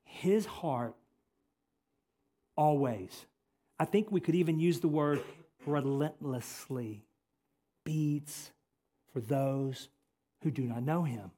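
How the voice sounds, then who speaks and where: A male pastor delivering a sermon in a fairly high-pitched voice. He hammers home his points by repeating phrases. He drops from loud, forceful emphasis to quiet, earnest asides. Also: slow pace, long pauses. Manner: emphatic preaching, swinging from loud to hushed.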